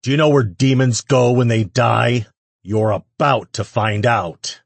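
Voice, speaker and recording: A man voicing a furious young male demon lord who growls loud, commanding threats. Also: mid-range voice, very animated, slow pace, vocal fry, breathy edge, no echo, voice pushed up, full character voice. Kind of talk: audiobook character voice.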